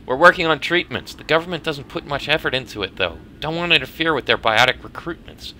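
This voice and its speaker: A man voicing a doctor who speaks softly and apologetically in a game's story. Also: on the high side, animated, pitched above the performer's own voice. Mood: somber. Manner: soft, apologetic and measured. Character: somber male doctor breaking bad news.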